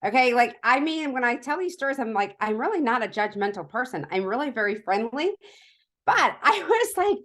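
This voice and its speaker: A woman's voice: fairly high pitch, sing-song, moderate pace, a bit bright. A woman in her forties telling a casual, chatty testimonial story, self-mocking and full of fillers. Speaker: product testimonial speaker.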